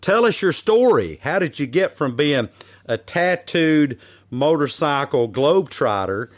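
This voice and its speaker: A man's voice: a little high, big pitch swings, a little slow. A man hosting a podcast interview, upbeat and eager with playful banter. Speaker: podcast host.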